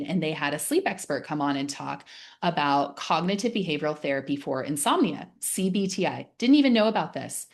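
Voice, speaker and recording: A woman presenting a gentle wellness class, talking in a soothing, conversational way with lively acted asides. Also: low-pitched.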